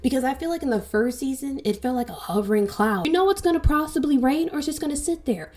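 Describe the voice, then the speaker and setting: A woman talking through a TV season in a casual review vlog, chatty and animated, acting out bits of dialogue as she goes. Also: high voice, fast talker. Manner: chatty, animated, dramatizes with quoted voices. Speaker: TV show reviewer.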